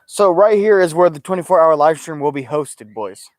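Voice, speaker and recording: Male streamer, high voice, dry sound, loud and jokey, talking to his viewers outdoors. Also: moderate pace, dry recording. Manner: loud, joking, calls out to his audience. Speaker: livestream host. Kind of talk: casual livestream chat. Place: outdoors in a backyard.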